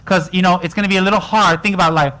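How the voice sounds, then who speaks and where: Teasing Buddhist teacher, rather high voice. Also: male voice, steady tone, racing, sharp tone, a little hiss or hum. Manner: joking, teasing, colloquial asides. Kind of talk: dharma talk to retreat students.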